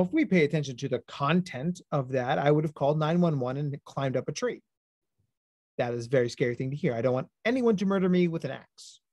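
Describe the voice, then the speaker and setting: A man presenting an educational webinar as a clinical psychologist, talking with high energy. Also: a little mellow, dry recording, clean studio sound.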